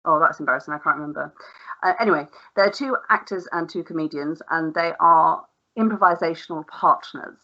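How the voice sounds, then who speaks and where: A woman's voice: low voice, brisk, pushed and bright, lo-fi sound. A woman co-hosting a podcast in casual, rambling chat, swearing freely and laughing often. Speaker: podcast co-host.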